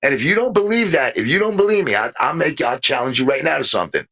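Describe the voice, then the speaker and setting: A man's voice: a little high, fast, creaky. An older man co-hosting a podcast, chatting casually about politics and telling long stories in which he acts out the other voices. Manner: animated storyteller, acts out quoted voices. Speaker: podcast co-host.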